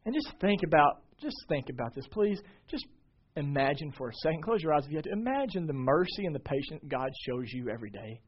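A man in his thirties preaching a sermon, swinging between loud emphatic passages and quiet, confiding ones. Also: fairly high pitch, sing-song, a little fast, husky. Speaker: pastor. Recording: dull lo-fi sermon audio.

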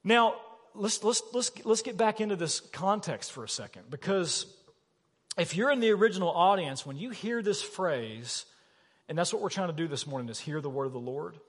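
A man preaching a sermon as pastor, animated and emphatic, asking his listeners questions. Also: sits high, normal speed, slightly rough. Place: church sanctuary. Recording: long reverb of a church hall.

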